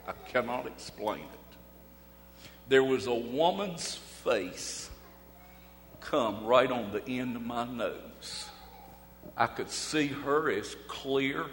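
Folksy preacher in an echoey hall. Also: male voice, medium pitch. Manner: folksy, dramatic pauses, swings from loud to hushed. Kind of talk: storytelling sermon. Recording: echoey hall with faint hum.

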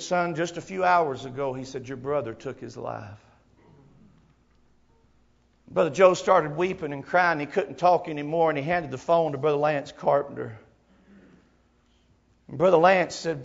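A man preaching a sermon, telling a personal story, moving from hushed tones to crying out. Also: fairly high pitch, gravelly, muffled recording. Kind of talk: emotional Southern sermon storytelling.

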